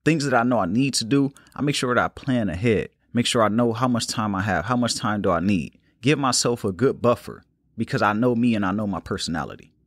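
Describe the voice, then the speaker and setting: Calm, unhurried man podcasting. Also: lowish voice, no room sound, clean studio sound. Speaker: podcast host. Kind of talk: casual solo podcast talk.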